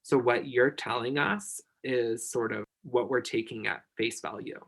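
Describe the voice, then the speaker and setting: A man's voice: mid-range voice, steady tone, measured pace, vocal fry, a bit bright. A man guest on a podcast, chatting casually and giving emphatic, effusive encouragement. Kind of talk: casual chat.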